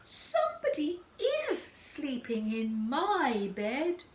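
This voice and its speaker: A woman voicing a tiny baby bear cub in a storybook reading, with a very high, squeaky, childlike voice. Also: wildly swooping pitch, slow pace, a little hiss or hum, full character voice. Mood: whiny. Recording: echoey room.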